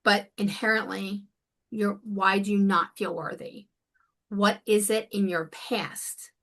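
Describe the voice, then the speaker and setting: A woman's voice: medium pitch, steady tone, slow pace, a bit bright. A woman life coach speaking as a guest in a conversational interview, earnest and emphatic. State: near tears.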